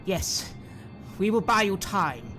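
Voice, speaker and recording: A man's voice: high-pitched, sing-song, slow pace, pushed and bright, faint music behind, voice pushed up, heavily acted. A man voicing a young woman who pleads with determination. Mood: pleading.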